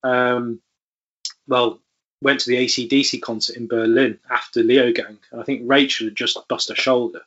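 A man's voice: medium pitch, little pitch movement, moderate pace, fairly bright tone, muffled recording. A man, a podcast guest, telling stories in a rambling way with many fillers. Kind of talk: casual storytelling interview.

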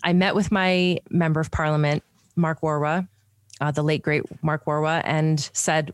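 A woman's voice: sits low, moderate pace, no echo, studio quality. A middle-aged woman from Canada, a PR professional and podcast host, talking candidly and animatedly as an interview guest. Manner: animated, candid, frequent restarts and laughs. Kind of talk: conversational interview.

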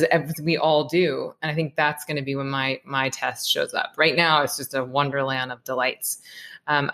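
A woman in her thirties with a low voice speaks as a podcast guest. She talks reflectively and earnestly, pausing to find her words. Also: fairly bright tone. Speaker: guest, meditation teacher. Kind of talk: podcast interview.

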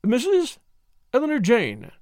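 A man's voice: very high voice, wildly swooping pitch, a little slow, a little mellow, no room sound, clean studio sound, pitched above the performer's own voice, heavily acted. A man voicing a slatternly young female servant who answers in curt, cryptic replies.

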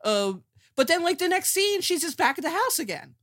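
A woman's voice: extremely high pitch, very animated, a little fast, a bit bright. A woman co-hosting a podcast, picking apart a movie's plot holes in an incredulous, chatty way. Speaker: podcast co-host. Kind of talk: comedic movie discussion.

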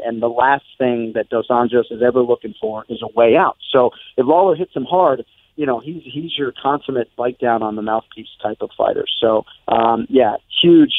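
A man, a guest announcer, calling in to chat and explaining things in a measured way. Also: mid-range voice, dry recording. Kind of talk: casual chat by phone. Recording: tinny dry phone line.

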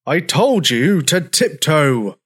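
A man's voice: mid-range voice, sing-song, takes it slowly, fairly bright tone, full character voice. A man voicing a grumpy old male triceratops who grumbles and snorts in a storybook reading. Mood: angry. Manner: grumbling, gruff. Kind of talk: storybook character voice.

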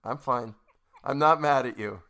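A man's voice: mid-range voice, unhurried, bright, forceful tone. A man reading a book aloud at home, breaking off to rant in exasperation at the author's punctuation and to tell stories. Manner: exasperated grammar ranting at the author. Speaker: audiobook narrator. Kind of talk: audiobook reading with ranting asides. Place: home recording setup.

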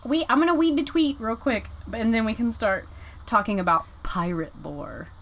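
A woman with a North Carolina accent co-hosting a podcast, giggling and animated as she tells stories. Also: a little high, moderate pace, slight background noise. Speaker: podcast co-host. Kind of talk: casual chat. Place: inside an RV.

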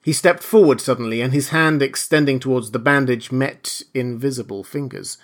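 A male audiobook narrator reading a classic novel at a measured pace. His voice settles into an average pitch and drops quietly as each phrase ends. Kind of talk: scripted narration.

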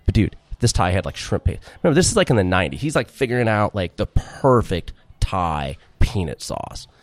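A middle-aged man who owns a restaurant appears as a guest in a casual interview, telling a long, meandering story full of acted-out quotes and frequent laughter. He speaks briskly in a low, sing-song voice with no room sound.

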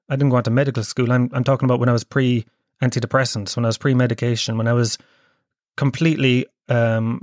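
A man's voice: medium pitch, a little mellow, no room sound, studio quality. A young Irish man from Kerry hosting his podcast while sick with a cold, rambling and swearing in a self-mocking way. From Ireland. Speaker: podcast host. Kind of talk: casual comedic monologue.

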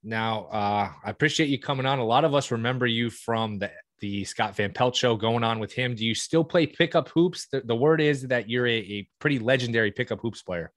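A man hosting a sports podcast, upbeat and friendly as he asks quick questions and signs off. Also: mid-range voice, fairly bright tone, no room sound, clean studio sound. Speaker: podcast host. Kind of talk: podcast interview, casual chat.

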